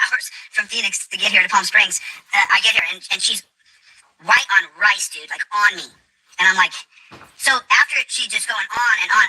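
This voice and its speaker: A man's voice: sits high, bright, forceful tone, slightly rough, low-quality recording. A man ranting emphatically in a video commentary, repeating himself to drive his points home. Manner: fast, repetitive, emphatic ranting.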